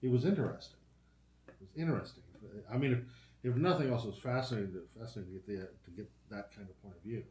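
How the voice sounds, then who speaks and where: A man on a casual panel who speaks in a halting, wry way. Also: lowish voice, a little mellow, reverberant.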